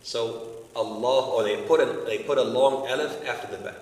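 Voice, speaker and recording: A man's voice: mid-range voice, moderate pace, a little mellow. A man teaching an evening study circle lesson, explaining patiently and often checking with his listeners through rhetorical questions. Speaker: religious studies teacher. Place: large community center hall. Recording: echoey hall, voice from far off.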